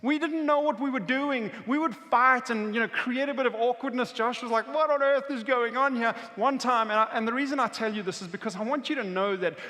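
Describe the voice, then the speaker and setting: A man delivers a sermon from a church stage, storytelling with vivid pictures and dropping to near-hushed tones before building up again. His voice sits high and rings bright. The sound carries a long, echoing reverb from the big room. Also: a little fast, hardly any pauses. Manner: storytelling, vivid, swings between intense and hushed. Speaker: pastor. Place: church auditorium.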